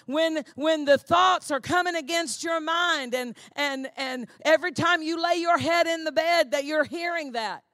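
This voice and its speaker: A woman pastor delivering a sermon with a high voice and dry, close sound. She preaches with fervor, hammering phrases again and again and climbing into shouts. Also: no echo. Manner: fervent preaching that builds to shouting; repetitive, emphatic phrasing.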